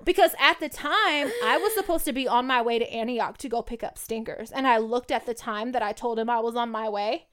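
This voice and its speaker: A young woman co-hosting a podcast tells a story in loose, slangy, profane chat. Her voice sits fairly high and sounds smooth and clear. She talks in an animated way. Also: brisk, few pauses. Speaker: podcast co-host.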